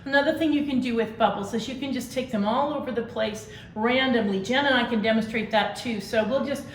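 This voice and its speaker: A woman leading a vocal warm-up, giving brisk, encouraging instructions and singing exercise syllables. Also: a little high. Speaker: vocal coach. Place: large convention hall. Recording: echoey hall, faint noise.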